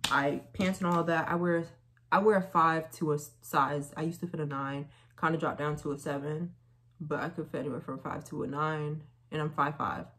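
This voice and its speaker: Chatty young woman with a low voice. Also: normal speed. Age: young adult. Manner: chatty, animated storytelling with slang. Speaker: vlogger. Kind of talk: casual try-on haul chat.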